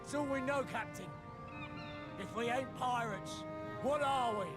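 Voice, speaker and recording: A very high-pitched young pirate. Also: male voice, a little slow, over loud music. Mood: pleading. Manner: rough pirate slang. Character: young male pirate crewman, hotheaded and loyal. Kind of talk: video game cutscene.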